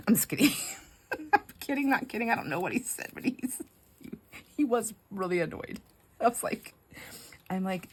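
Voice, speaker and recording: A woman's voice: fairly high pitch, very animated, normal speed, pauses often, a little hiss or hum. A middle-aged woman hosting a craft video at home, chatting in a rambling way while she works, laughing often and sometimes dropping to a whisper. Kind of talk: casual chat while crafting.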